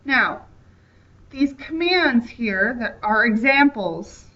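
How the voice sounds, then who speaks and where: Patient woman teacher, somewhat high and bright, recorded off-mic on dull audio. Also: expressive, unhurried, recorded from a distance. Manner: patient, checks in with frequent "okay?". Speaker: Spanish teacher. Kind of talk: classroom grammar lecture.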